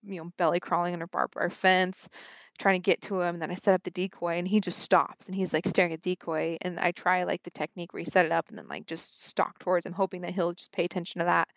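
Young woman, podcast guest, low-ish voice, animated storyteller, dry lo-fi sound. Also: fast talker, vocal fry, no room sound. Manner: animated, frequent "like", acts out her own thoughts. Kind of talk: casual storytelling.

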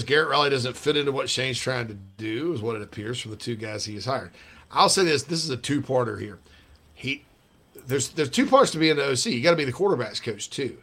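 A man's voice: medium pitch, expressive, brisk, fairly bright tone. A man hosting sports radio, rambling and joking in casual banter with bursts of laughter.

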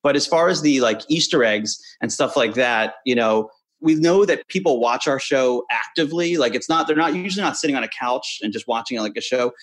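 A man's voice: medium pitch, lively intonation, a little fast, few pauses, fairly bright tone. Playful man chatting casually. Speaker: animated series co-creator and voice actor. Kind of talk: casual chat.

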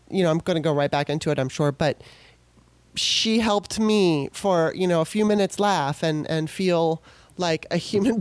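A woman's voice: on the low side, dry recording. A middle-aged woman hosting a podcast, talking in a loose, emotional monologue with many restarts. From California. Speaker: podcast host. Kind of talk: casual monologue.

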